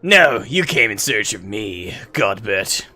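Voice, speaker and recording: A man voicing a pompous, theatrical gentleman adventurer who speaks in grandiose, archaic phrases. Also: lowish voice, sing-song, slow, faint music behind, exaggerated voice.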